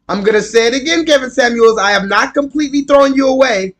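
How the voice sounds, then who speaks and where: A man with a strikingly high-pitched voice holds forth on a live stream. He rants with heat and plenty of swearing, hammering his points again and again. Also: quick pace, a bit bright. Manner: heated, profane, emphatic, repeats himself. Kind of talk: ranting live stream monologue.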